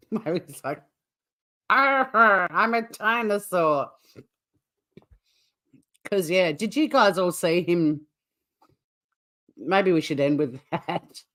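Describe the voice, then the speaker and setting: A woman's voice: on the low side, takes it slowly, pauses often. An Australian woman hosting a casual livestream, chatting to viewers in a rambling way with frequent laughs. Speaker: livestream host.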